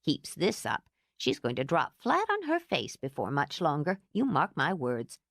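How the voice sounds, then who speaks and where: A woman reading an audiobook, voicing a calm, clucking older cook who speaks slowly and soothingly. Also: low-pitched, creaky, no room sound, studio quality, full character voice. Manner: slow and soothing.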